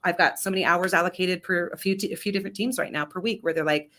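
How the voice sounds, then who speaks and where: A woman's voice: fairly low pitch, fast talker, a bit bright. A woman leadership coach telling a personal story in an interview, candid and emphatic, often checking in with "right?". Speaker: leadership coach and business founder.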